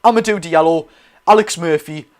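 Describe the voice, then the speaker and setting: Speaking at a normal speed in a fairly high voice, a young Geordie hosts a football watch-along stream. He keeps up a chatty running commentary, reacts to the play, and answers questions read from his live chat.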